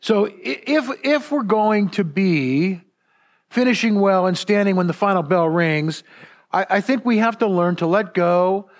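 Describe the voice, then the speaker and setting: A man's voice: high voice, expressive, measured pace. A man from Southern California preaching a sermon as a pastor, earnest and repeating words when stressing a point.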